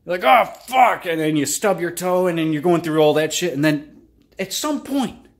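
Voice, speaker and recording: A man hosting his own channel, giving a casual motivational monologue, animated and swearing freely as he acts out frustrated outbursts. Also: on the high side, normal speed. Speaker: channel host.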